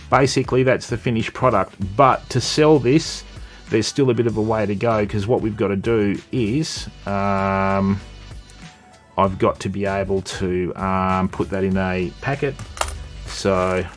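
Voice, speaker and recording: A man's voice: lowish voice, fairly even intonation, a little slow, soft background music. A man with an Australian accent hosting a casual live stream, chatting and greeting viewers while he works with his hands.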